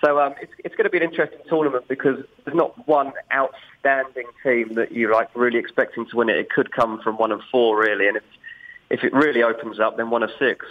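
British football pundit on a dull line. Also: male voice, medium pitch, fairly even intonation. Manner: measured, explanatory. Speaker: football insider guest. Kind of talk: sports analysis chat.

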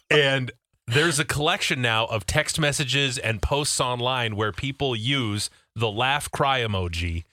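A male radio co-host chats in a bright, crisp voice that swoops up and down as he talks. He reads messages aloud with mock drama. The studio sound is close and dry. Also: medium pitch, expressive, slow, dry recording. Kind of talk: casual chat.

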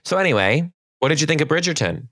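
A woman's voice: low-pitched, very animated, fast talker, fairly bright tone, no room sound, clean studio sound. A young woman co-hosting a casual podcast, teasing and sarcastic. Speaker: podcast co-host. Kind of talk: casual chat.

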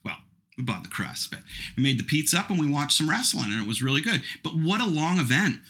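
Middle-aged man, podcast host, casual rambling chat, husky edge. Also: a little high, very animated, fast, bright, forceful tone. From Canada. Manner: chatty, rambling, self-mocking.

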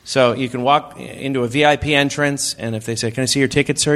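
A man guest speaking plainly and matter-of-factly, pausing often with fillers. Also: mid-range voice, fairly even intonation, fairly bright tone. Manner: matter-of-fact, halting, many uh fillers. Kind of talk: live audience Q&A chat.

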